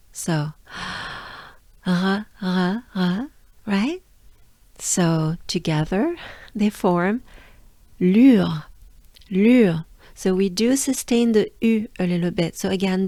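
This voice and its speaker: A French-accented woman leads a pronunciation lesson, stretching and repeating each vowel as she drills it. She speaks unhurriedly in a slightly low voice. The recording is dry and close, with no room sound. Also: a little mellow, dry recording. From France.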